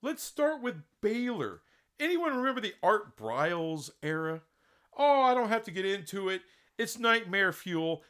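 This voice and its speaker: A man delivers an opinionated sports rant in a fairly high voice. His pitch swings widely as he presses point after point. He sounds indignant and fires off rhetorical questions. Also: a bit bright. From Texas. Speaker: sports commentator. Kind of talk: opinionated solo commentary.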